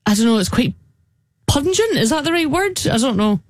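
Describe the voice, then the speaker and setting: A woman's voice: high voice, very animated, fairly quick, no room sound, clean studio sound. A woman hosting a morning radio show, chatting casually and teasing her co-host with easy laughs. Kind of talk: casual on-air banter. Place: radio studio.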